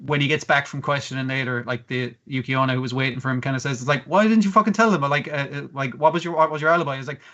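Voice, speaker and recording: A man's voice: mid-range voice, little pitch movement, racing, hardly any pauses, sharp tone. A man co-hosting a podcast who recaps an episode casually, swearing often and acting out the characters' lines. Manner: profane storyteller who acts out quoted characters. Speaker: podcast co-host. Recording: slightly muffled lo-fi audio.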